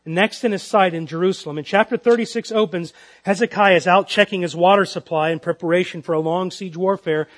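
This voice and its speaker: A man's voice: sits high, fairly quick. A man preaching an expository sermon as pastor to a congregation, pressing his listeners with emphatic, repeated rhetorical questions.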